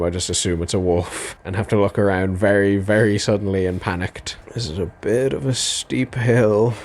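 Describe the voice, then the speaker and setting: A man's voice: low-pitched, darkish tone, slight background noise. A man giving casual gameplay commentary, wry and given to swearing and laughing. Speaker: game commentator.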